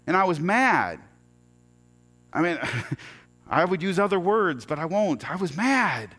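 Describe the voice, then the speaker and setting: A middle-aged man telling a personal story as a sermon, earnest and halting, often restarting his words. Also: high-pitched, sing-song, a bit bright.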